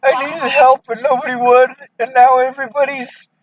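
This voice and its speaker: A man's voice: very high voice, level tone, normal speed. A man on a phone call, distressed and pleading, bitter and near tears.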